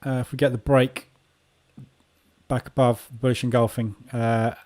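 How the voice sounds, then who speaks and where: A man's voice: mid-range voice, flat delivery, measured pace, darkish tone. A man hosting a live trading room, giving casual market commentary and thinking aloud as he watches the charts.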